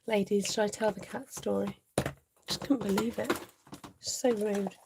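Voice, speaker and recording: A woman's voice: mid-range voice, gravelly, noisy background. A woman hosting a casual live craft tutorial, thinking aloud as she works and chatting to viewers.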